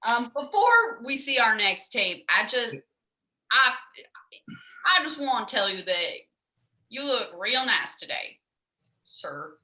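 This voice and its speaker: A woman's voice: on the high side, big pitch swings, sharp tone, exaggerated voice. A woman in an improv comedy scene playing a blunt, crude female casting director. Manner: blunt and crude, slow drawn-out delivery. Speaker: improv performer.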